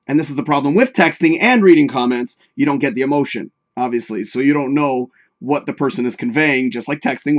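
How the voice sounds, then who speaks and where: A man hosting a livestream show, chatting casually, swearing freely and reading viewer comments aloud with jokey advice. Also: medium pitch. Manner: profane, chatty, laughs often, reads viewer comments aloud.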